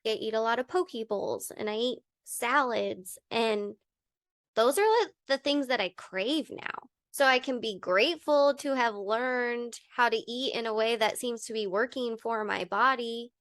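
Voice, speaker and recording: A young woman with a bright, high voice co-hosts a podcast, speaking candidly about personal struggles. She tells her story openly, with animated asides. The sound is close and dry. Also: unhurried, no echo. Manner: open, animated storytelling with laughs. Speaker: podcast co-host.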